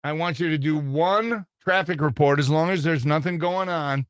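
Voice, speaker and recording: A man's voice: fairly high pitch, normal speed, clear, resonant tone, no echo. An older man hosting a radio show from the studio, running through joke-filled news bits with a wisecracking delivery. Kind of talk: morning radio comedy chat.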